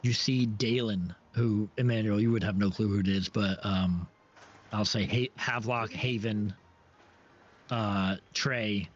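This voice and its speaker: A man narrating as game master for a tabletop game, halting and full of restarts. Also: lowish voice, fairly even intonation. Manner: halting, many restarts and fillers. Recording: dull lo-fi stream audio.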